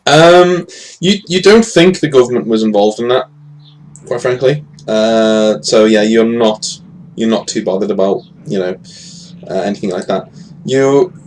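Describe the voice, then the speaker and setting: A man's voice: mid-range voice, low-quality recording. A man running a tabletop game as game master, narrating with frequent hesitations and fillers. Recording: faint ambient noise.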